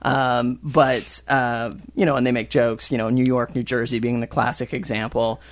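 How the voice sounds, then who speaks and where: A man's voice: medium pitch, level tone, moderate pace, no echo. An American man with an American accent, hosting a casual chat, asking rambling, joking questions. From United States.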